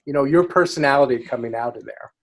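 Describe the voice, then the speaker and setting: A man's voice: mid-range voice, quick pace. A man hosting a podcast interview, asking eager, rambling questions. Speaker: podcast host.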